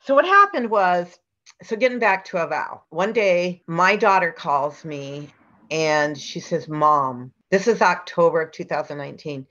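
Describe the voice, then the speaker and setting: Middle-aged woman rambling through a story, lowish voice, dull lo-fi sound. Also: lively intonation, normal speed, fairly bright tone. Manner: chatty, rambling with fillers and restarts. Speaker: interview guest. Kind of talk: casual storytelling interview.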